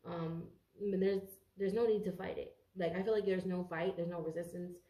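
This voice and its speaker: A woman's voice: lowish voice, steady tone, normal speed, warm tone, reverberant. A congested woman giving a casual tarot reading to camera, rambling, swearing freely and stumbling over her words. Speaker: tarot reader.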